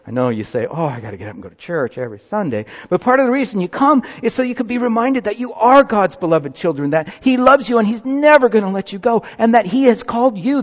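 A man serving as pastor, giving a children's sermon and coaxing the congregation into a group activity in a church sanctuary. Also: high-pitched. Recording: muffled sound in a reverberant church.

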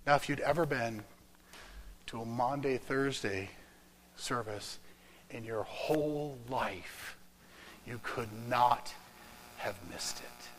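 A man preaching a sermon through a story, rising loud and then dropping to a whisper. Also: mid-range voice, takes it slowly, pauses often, slight background noise, rough recording. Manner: dramatic, swinging from loud to whispered.

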